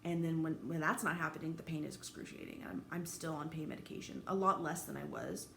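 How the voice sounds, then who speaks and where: Woman, 30s, vlogger, gravelly, raw, halting, roomy room echo with faint background noise. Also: sits low, expressive, bright, forceful tone. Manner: halting, candid, swears freely, emotionally raw. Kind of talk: personal vlog monologue.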